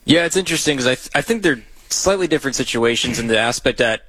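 Male co-host, fast analytical delivery, dry close recording. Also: medium pitch, lively intonation, a bit bright, no echo, poor audio. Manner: quick, analytical rundown. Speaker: podcast co-host. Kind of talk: casual sports chat.

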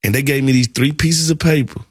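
A man with a Southern US accent, chatting on a talk show as an animated, playful storyteller. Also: mid-range voice, a little fast, slightly rough. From American South. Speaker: show co-host. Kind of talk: casual chat.

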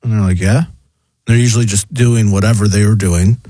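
Dude cohost, husky, dry close sound, keeps correcting and acting out quotes. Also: male voice, fairly low pitch, fairly even intonation, brisk, dark tone, dry recording. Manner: explaining, correcting, mock-quoting people. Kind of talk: casual commentary chat.

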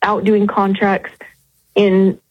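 A woman phones in to a radio show and speaks in an emotional, halting way, breaking off mid-phrase and starting over. Her voice is somewhat breathy, and the line sounds dull and closely miked. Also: medium pitch, completely flat delivery, dry recording. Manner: emotional, halting, with many restarts. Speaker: caller. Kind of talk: radio call-in.

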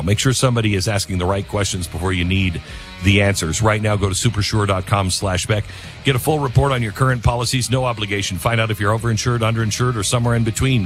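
A man's voice: fairly low pitch, fairly bright tone. A man hosting a radio talk show, reading live ads and ranting in a rambling, self-mocking way.

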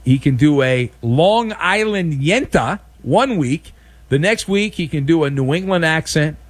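Animated high-pitched sports talk host. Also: male voice, a little slow, husky, dry recording. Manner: animated, sarcastic, acts out mock dialogue. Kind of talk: opinionated sports talk monologue.

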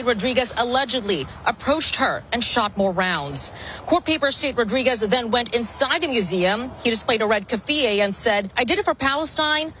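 A woman correspondent filing a radio news report in a measured reporting tone. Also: a little high, fairly bright tone, a little hiss or hum, rough recording.

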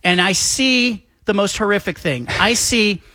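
A man with a notably high voice spins an animated story as a talk-show guest, slipping in the voices of the people he quotes. The sound is dry and close, with no room around it. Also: measured pace, no room sound. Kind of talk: casual storytelling.

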